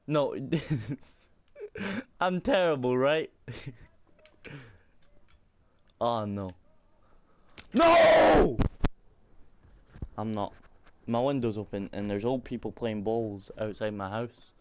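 Speaking slowly and pausing often, this young gaming YouTuber has a mid-range, darkish voice, with a little hiss or hum on the recording. He's doing let's-play commentary into his computer mic from his room at home with the window open, frustrated, cursing and laughing at himself.

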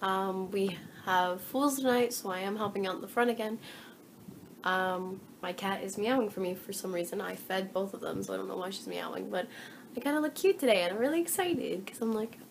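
A young woman talks to her phone in a casual daily vlog. Her middle-pitched voice carries a gravelly fry, with faint background noise. She sounds worn out and keeps apologizing in a chatty way. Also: brisk. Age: young adult. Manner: chatty, apologetic, tired at times; gushing excitement around animals. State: tired. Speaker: vlogger.

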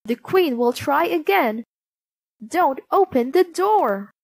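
A woman's voice: high-pitched, expressive, slow pace, creaky, a little mellow, voice pushed up, heavily acted. A woman voicing a group of earnest, protective dwarfs in a storybook reading. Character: kindly, worried band of dwarfs.

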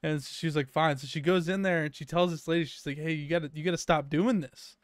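A man's voice: a little high, fairly even intonation, quick pace, no room sound. A young man casually telling a long workplace story on a podcast, full of fillers and swearing. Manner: rambling anecdote with many fillers and profanity. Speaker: podcast co-host.

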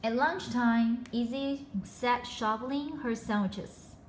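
A woman reading a children's storybook aloud in a slow, expressive way with dramatic pauses. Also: on the high side. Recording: roomy echo with faint background hum.

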